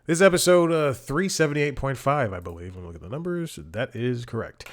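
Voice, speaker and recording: A man's voice: medium pitch, lively intonation, a little fast. A man hosting a podcast, giving a casual, rambling intro with self-corrections and chuckling asides. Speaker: podcast host.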